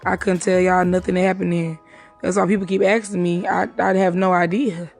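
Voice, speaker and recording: Gravelly woman telling a story. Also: fairly low pitch, level tone, a little mellow, faint music behind. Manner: profane, talks fast and acts out the quotes. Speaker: witness recounting a night out. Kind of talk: casual storytelling.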